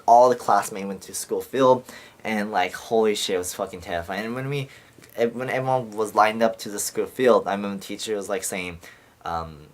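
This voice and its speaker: A man's voice: fairly low pitch, a bit bright. Young man rambling with heavy swearing. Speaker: vlogger. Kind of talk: casual storytelling to camera.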